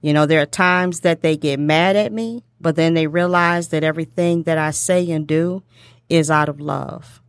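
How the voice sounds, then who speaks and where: A woman's voice: low voice, moderate pace, clean tone, no room sound, studio quality. A middle-aged woman hosting a talk show. She speaks from the heart, repeats herself often, and stumbles over her words when she gets emotional. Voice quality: emotional, tongue-tied at times. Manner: warm repetitive speech with many fillers. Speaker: show host.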